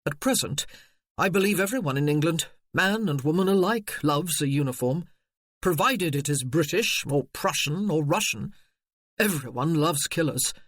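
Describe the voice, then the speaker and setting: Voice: medium pitch, animated, moderate pace, fairly bright tone, no echo. A narrator reading the lines of a bitter young Regency army officer in a grim, sardonic, clipped way, close to the narration voice. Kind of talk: audiobook character reading.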